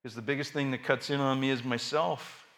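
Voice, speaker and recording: A man's voice: medium pitch, brisk. A middle-aged man preaching a storytelling sermon in a casual way with many fillers, acting out the voices of his family. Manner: animated, acts out family voices.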